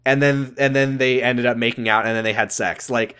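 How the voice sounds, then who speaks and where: A man co-hosting a casual podcast, recapping a TV show with sarcasm and quick acted-out lines. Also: mid-range voice, steady tone, sharp tone, clear, resonant tone. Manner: sarcastic, acts out characters' lines in quick voices. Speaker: podcast co-host.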